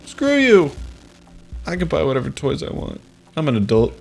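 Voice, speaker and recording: A man's voice: medium pitch, fast talker, vocal fry, darkish tone, slightly rough. A young man commenting on his live game stream in a playful, joking, mock-dramatic way. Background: faint game music.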